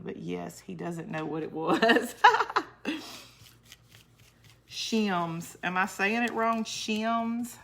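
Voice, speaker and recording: A woman from the northern United States hosts a casual crafting livestream, chatting with viewers, laughing often and answering their comments as she works. Her voice is on the low side and gravelly, with a fairly bright tone.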